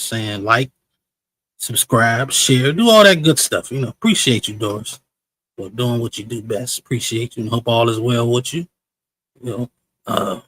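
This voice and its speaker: A man hosts a casual live-stream review show, reacting to clips and shouting out viewers. His talk is loose, slangy and chatty, with a mid-range voice. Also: mid-range voice, no echo, poor audio. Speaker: livestream show host.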